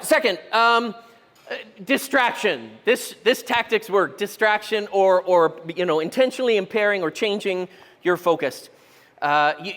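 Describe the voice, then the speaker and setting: Casting note: male pastor, high voice, chatty self-deprecating sermon, big reverberant church hall. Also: fairly bright tone. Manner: conversational, self-deprecating, asks the congregation questions. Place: church auditorium.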